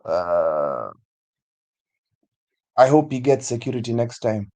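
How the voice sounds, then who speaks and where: Kenyan man with a middle pitch, teasing. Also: very animated, slow pace, darkish tone. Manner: teasing, playful, mixes English and Swahili. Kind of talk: casual chat.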